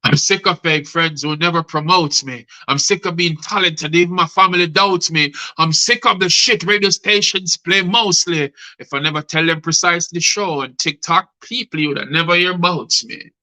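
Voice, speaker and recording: A man's voice: a little high, steady tone, normal speed, few pauses, pushed and bright, rough recording. A middle-aged man, hosting a live show and reciting rhyming spoken-word poetry, calling his guests by name. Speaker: host and poet.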